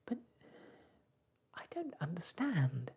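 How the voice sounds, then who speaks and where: A man playing a wide-eyed little boy who asks questions in a high, breathy whisper. It is a storybook child in a whispered role-play, slow and soft. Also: huge pitch swings, exaggerated voice. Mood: curious. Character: curious little boy, younger brother.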